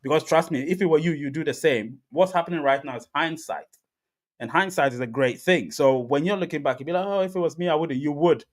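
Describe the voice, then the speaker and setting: A man's voice: fairly high pitch, brisk. A man hosting a live crypto reaction stream, talking emphatically to his chat, repeating himself and laughing often. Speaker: crypto livestream host.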